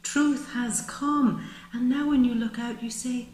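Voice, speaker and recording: A woman giving a monthly tarot reading, expressive and repeating words for emphasis. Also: on the high side, unhurried. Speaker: tarot reader. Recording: roomy echo.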